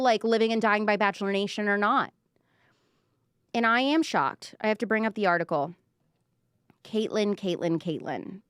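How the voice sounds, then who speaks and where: A woman's voice: medium pitch, moderate pace, pauses often, clean tone, no room sound, clean studio sound. A woman, hosting a live pop culture show in a chatty, sarcastic way with lots of fillers. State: out of breath. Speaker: host. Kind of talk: casual pop culture commentary.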